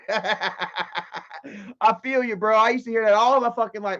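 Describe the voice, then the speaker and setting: A man hosting a casual livestream, reading chat and commenting in an excitable, profane way that swings from loud outbursts to low muttering. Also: measured pace. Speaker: livestream host. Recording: dull lo-fi stream audio.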